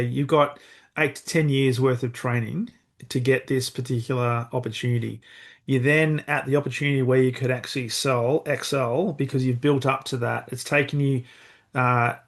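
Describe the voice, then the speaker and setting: Guy hosting a podcast, normal pitch, thinking out loud, kinda reflective. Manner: reflective, thinks aloud with restarts. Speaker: podcast host. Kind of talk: casual interview chat.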